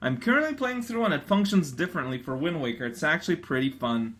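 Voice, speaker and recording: A man's voice: on the high side, lively intonation, quick pace, a bit bright. A young man rambling playfully through casual gaming commentary, often stammering and restarting his sentences. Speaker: let's player. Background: faint game music.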